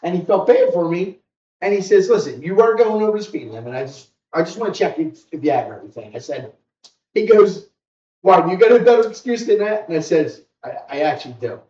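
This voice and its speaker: A man co-hosting a podcast, telling stories in a rambling, animated way and acting out other people's lines. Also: high-pitched, a little fast. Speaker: podcast co-host. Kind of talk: casual storytelling chat. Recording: roomy, distant, muffled home recording.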